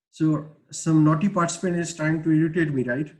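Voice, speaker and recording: A man's voice: a little high, fairly even intonation, fairly quick, warm tone, poor audio. A man giving an online research lecture over a video call, explaining with many "uh" fillers and restarts. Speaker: webinar lecturer.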